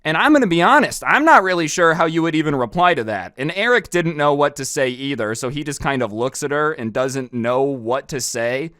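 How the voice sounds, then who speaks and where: A man's voice: a little high, lively intonation, moderate pace, hardly any pauses, a bit bright, no echo, clean studio sound. A man telling a storytime in a casual, exasperated way, with sarcastic asides. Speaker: storytime vlogger. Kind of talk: storytime narration.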